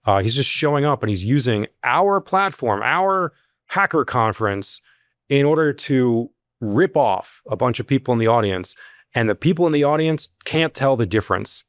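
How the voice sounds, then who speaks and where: A man who runs a security company, telling stories in a casual interview, full of fillers and restarts, jumping much higher in pitch when he acts out what people said. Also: normal speed, dry recording, clean studio sound. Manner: animated, rises sharply when acting out quotes. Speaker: security company CEO, guest.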